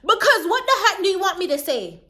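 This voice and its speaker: A young woman from Jamaica, telling a storytime in a chatty, animated way. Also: very high voice, a little fast. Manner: chatty, animated, keeps asking "you get what I mean". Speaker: vlogger. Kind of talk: casual storytime chat.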